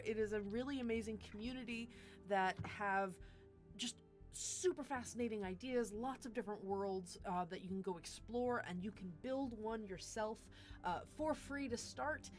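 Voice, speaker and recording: A woman's voice: mid-range voice, normal speed, faint music behind. A woman hosting a tabletop game stream, chatting casually through sponsor reads with lots of fillers and restarts. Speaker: dungeon master and show host.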